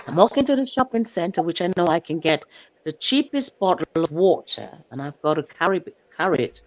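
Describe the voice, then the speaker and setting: A woman on a stream telling a story from her day with animated delivery, acting out her own shouts and sometimes hunting for words. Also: deep voice. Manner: hunts for words, fills with "um". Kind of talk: casual storytelling. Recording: dull lo-fi stream audio.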